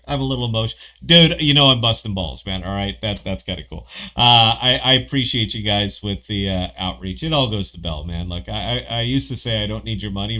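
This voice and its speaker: A man hosts a casual livestream podcast, rambling from one thought to the next. He swears freely and gets excited quickly. His voice has a bright, forceful edge. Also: on the low side. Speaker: podcast host.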